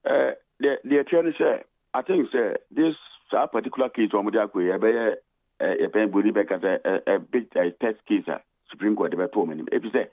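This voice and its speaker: A Ghanaian man calling in to a radio talk show, speaking in a measured, hesitant way with many drawn-out fillers. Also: fairly low pitch. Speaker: studio guest on the phone. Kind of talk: radio talk-show discussion mixing Twi and English. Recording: tinny phone line.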